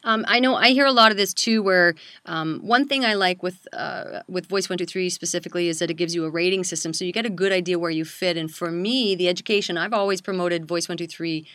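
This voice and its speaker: A middle-aged woman hosting a casual chat about voice-over work, animated and quick to laugh. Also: lowish voice, no room sound. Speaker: voice-over coach and host.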